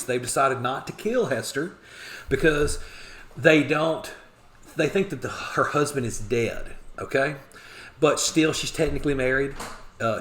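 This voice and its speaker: A man's voice: medium pitch, a bit bright. A man teaching a class, casually retelling a novel's plot and briefly acting out the characters' lines. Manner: conversational, acts out quotes in quick voices.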